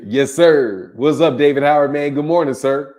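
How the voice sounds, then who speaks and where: A man's voice: on the high side, moderate pace, a little mellow. Casual male boxing stream host. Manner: casual, laughs often, greets chatters by name. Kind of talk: live stream chat with viewers.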